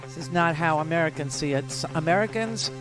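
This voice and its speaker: A woman's voice: deep voice, a little fast, music in the background. Sarcastic woman radio host. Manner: sarcastic, combative. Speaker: radio talk show host. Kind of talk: political commentary.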